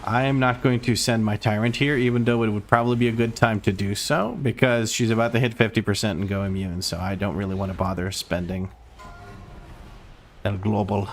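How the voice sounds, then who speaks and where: A man with a lowish voice talks over his own gameplay in a loose, wry, joking way. Faint ambient hiss sits behind him. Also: steady tone, brisk. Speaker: streamer. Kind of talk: live gameplay commentary.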